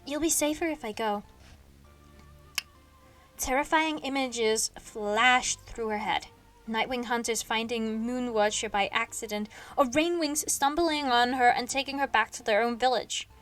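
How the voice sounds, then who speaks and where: A woman reading a novel aloud on a stream, sleepy and yawning, with expressive delivery and small slips she corrects. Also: on the high side, unhurried, soft background music.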